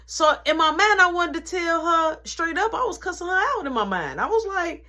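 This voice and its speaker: A woman's voice: very high voice, moderate pace, few pauses. A woman vlogger retelling a family story in slangy casual speech, acting out the people in it. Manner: slangy, animated, acts out quotes.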